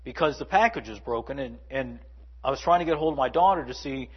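A man's voice: mid-range voice, animated, a little fast, breathy edge, dull audio. A man preaching a sermon in a conversational way, with asides and playful mimicry. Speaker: pastor.

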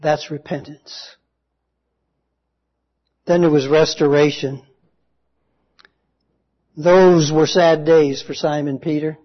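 A man preaching a sermon, telling a story slowly and earnestly with dramatic pauses. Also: on the high side, level tone, dull audio.

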